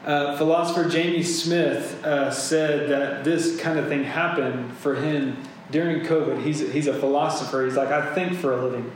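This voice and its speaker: A man preaching a sermon in a relaxed, conversational way, with chatty asides to his listeners. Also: a little high, moderate pace, hardly any pauses. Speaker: pastor. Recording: very echoey room, faint hum.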